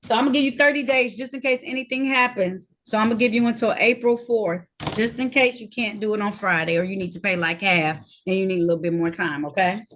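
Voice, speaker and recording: A woman's voice: mid-range voice, fast, hardly any pauses, a bit bright, a little hiss or hum. A woman serving as judge in a court hearing held over a video call, talking in a firm, direct and sometimes scolding way.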